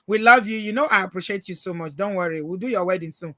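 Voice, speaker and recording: Bright emphatic Nigerian woman host. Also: medium pitch, fast, no room sound. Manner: emphatic, advising, warm toward callers. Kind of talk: live call-in chat.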